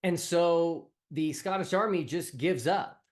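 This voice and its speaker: A man's voice: a little high, slow, very noisy. A male host giving a casual spoken update, retelling a film scene as a comparison. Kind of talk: casual commentary.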